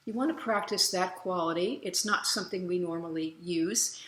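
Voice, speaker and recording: Woman voice coach, middle-aged, relaxed and chatty, bright tone, roomy echo. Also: fairly low pitch, normal speed. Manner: relaxed, chatty, with loud vocal demo sounds. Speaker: voice teacher. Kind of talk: casual voice lesson with demonstrations.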